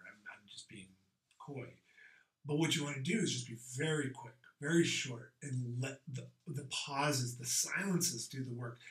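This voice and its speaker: A man leads a sales coaching call. He speaks in a direct, punchy, conversational way, standing back from the mic in a roomy space that adds a clear echo. His pitch sits in an ordinary middle range. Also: a bit bright, far from the mic. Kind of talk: coaching talk on a group call.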